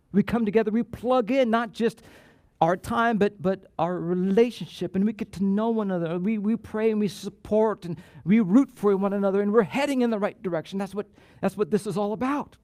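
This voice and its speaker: A pastor preaching a sermon in church, animated and emphatic, often repeating words and drawing out key phrases. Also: male voice, high-pitched, dry recording, clean studio sound. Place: church sanctuary.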